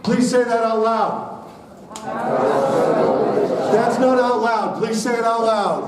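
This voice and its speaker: High-voiced man, energetic speaker in roomy hall. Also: slow pace, distant mic, crowd noise, background noise. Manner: energetic, leads the audience in call-and-response. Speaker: keynote speaker at a school parent night. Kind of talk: motivational talk to parents. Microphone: body-worn mic.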